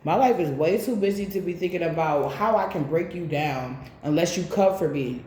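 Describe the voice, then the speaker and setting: A woman's voice: lowish voice, moderate pace, mellow, a little hiss or hum. A woman giving a casual tarot reading, speaking bluntly with plenty of swearing, straight to her viewers. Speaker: tarot reader. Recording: echoey room.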